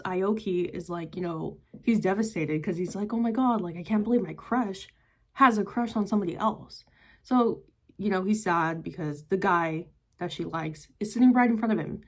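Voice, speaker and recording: A woman's voice: mid-range voice, a little mellow. A young woman casually reviewing a manga, retelling the plot in a chatty way full of "like" and "yada yada". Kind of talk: casual book review vlog.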